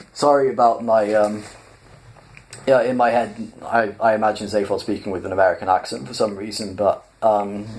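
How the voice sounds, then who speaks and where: A man reading a novel aloud as a storyteller, calm in the narration and hesitant when he speaks off the page. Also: on the low side, rough recording.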